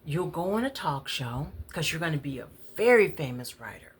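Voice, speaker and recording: A woman doing her calm, patient mom. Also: deep voice, unhurried, slightly rough, voice pushed up, heavily acted. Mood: soothing. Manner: calm, reassuring. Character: calm, patient mother soothing her child.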